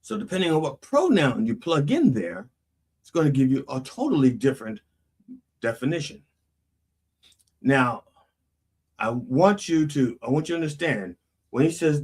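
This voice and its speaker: Male host, husky, animated delivery; lectures through lyrics like a sermon. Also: a little high, moderate pace. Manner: lively, preachy, peppered with "okay?". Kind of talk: song lyric commentary.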